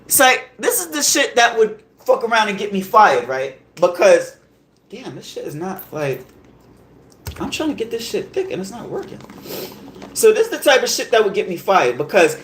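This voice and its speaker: A man hosting a podcast, telling a story in a heated, animated rant full of profanity and repeated check-ins with the listener. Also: high-pitched, normal speed, slight background noise. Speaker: podcast host. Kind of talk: casual storytelling monologue. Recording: roomy echo.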